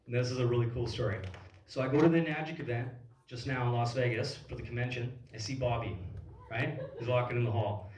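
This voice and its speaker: At a business event, a man in his thirties gives a motivational talk on stage in an event hall, telling stories casually with lots of fillers and swearing. His mid-range, darkish voice is fast and fairly even in intonation. The echoey hall is recorded from far off, with slight background noise.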